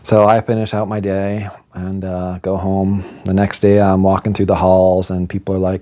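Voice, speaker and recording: A middle-aged man tells a personal story in a relaxed, chatty way, poking fun at himself. His voice sits low and mellow. He slips into the voices of the people he quotes. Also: moderate pace, hardly any pauses. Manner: chatty, self-deprecating, acts out quoted dialogue. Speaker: vlogger telling a personal story. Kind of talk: casual storytelling monologue.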